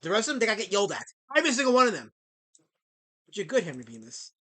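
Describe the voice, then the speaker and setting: A man's voice: high-pitched, wildly swooping pitch, very fast, sharp tone. A middle-aged man who creates comics, chatting casually on a live stream, rambling with many fillers and snapping back at his chat.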